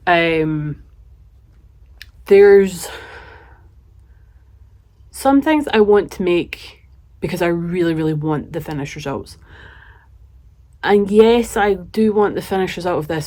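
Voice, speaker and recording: Woman, low voice, rambling casual craft vlog, handheld camera, home craft room. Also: measured pace, long pauses, a little mellow. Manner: chatty, rambling, talks to her cat. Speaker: knitting vlogger.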